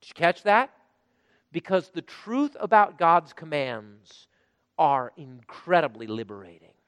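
High-voiced man preaching in a reverberant hall. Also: very animated, unhurried, smooth, lo-fi sound. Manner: dynamic preaching, rhetorical questions to the congregation. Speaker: pastor. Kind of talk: sermon.

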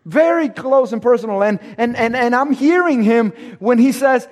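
A man with a high voice tells a personal story with drama. He acts out the dialogue and sinks into hushed tones when the tension rises. His voice carries a long reverb, as if in a big hall. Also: lively intonation, moderate pace, few pauses. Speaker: speaker telling a personal story.

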